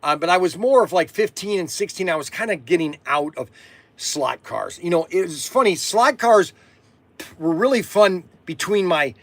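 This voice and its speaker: A man in his sixties from Ohio, hosting a rambling live stream for his toy shop, excitable and repeating himself. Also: high-pitched, normal speed, no echo. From Ohio, USA. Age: 60s.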